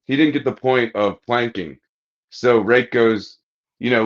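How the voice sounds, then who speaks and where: A man's voice: mid-range voice, measured pace, muffled recording. A man co-hosting a podcast, telling profane anecdotes in casual chat. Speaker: podcast co-host.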